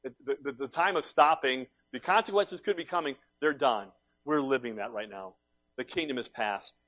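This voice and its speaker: At a normal speed and with no echo, a male pastor moves between loud, emphatic calls and quiet, low asides in his sermon, voicing the people he quotes.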